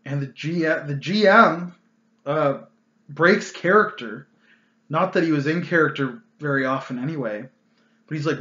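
A man's voice: fairly high pitch, animated, normal speed, a bit bright, echoey room, lo-fi sound. Exasperated man ranting about a bad game. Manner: ranting, exasperated, loose with fillers. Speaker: channel host telling a gaming story. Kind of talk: casual storytelling vlog.

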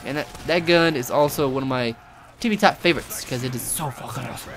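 A young man giving live gameplay commentary, excitable and rambling, swearing and yelping often. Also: mid-range voice, fast, faint music behind.

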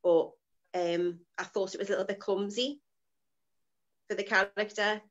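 A woman's voice: mid-range voice, steady tone, normal speed. Hesitant woman, muffled audio. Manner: hesitant, many fillers and restarts. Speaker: actress guest. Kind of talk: casual interview chat.

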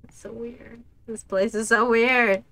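A woman streaming a game, reacting out loud as she plays, talking to herself and laughing often. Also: on the high side, fairly even intonation, unhurried, creaky. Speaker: gaming streamer. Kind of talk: casual let's play commentary.

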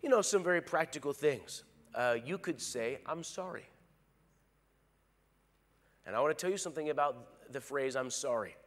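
A male pastor preaching a sermon, animated, acting out quoted lines. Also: a little high, brisk, few pauses, long reverb tail. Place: large church hall.

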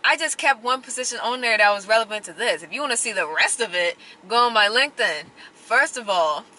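A woman's voice: a little high, expressive, a little fast, bright, forceful tone, rough recording. A young woman chatting expressively to her viewers in a casual vlog, talking from inside her car. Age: young adult. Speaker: vlogger. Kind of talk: casual vlog talk to camera. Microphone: handheld camera.

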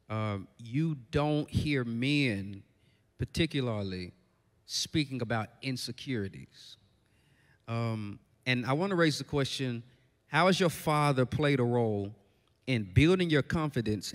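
A man moderating a church panel discussion. He introduces guests energetically and poses questions with a relaxed, halting delivery. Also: mid-range voice. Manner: energetic introductions, then relaxed and hesitant with fillers. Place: church sanctuary with an audience. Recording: long hall reverb with a faint audience.

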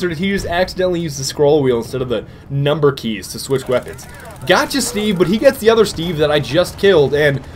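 A young man giving goofy, excitable commentary over his own gameplay footage. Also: fairly high pitch, a little hiss or hum. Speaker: gaming commentator.

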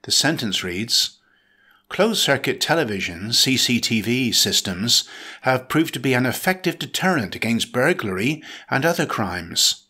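A man reading a scripted vocabulary lesson, with clear and measured delivery. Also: mid-range voice, very animated, sharp tone. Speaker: vocabulary teacher. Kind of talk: scripted dictionary narration.

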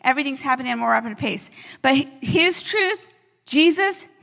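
Woman pastor, high bright voice, energetic sermon delivery with rhetorical asides, long hall reverb. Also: moderate pace, vocal fry. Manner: energetic preaching with frequent "right?" asides.

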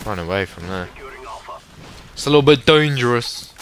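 A young man giving excitable live commentary over a shooter game, sometimes swearing at it. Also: mid-range voice, moderate pace, slight background noise. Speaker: gaming commentator.

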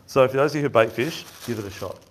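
In a seminar room before an audience, a man gives a fishing talk full of rambling, casual stories, laughing often as he goes. He speaks fast in a mid-range voice, with slight background noise.

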